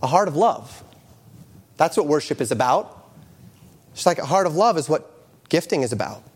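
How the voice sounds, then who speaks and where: A middle-aged male pastor preaching a sermon, moving from quoted scripture into lively storytelling. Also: fairly high pitch, moderate pace, breathy edge.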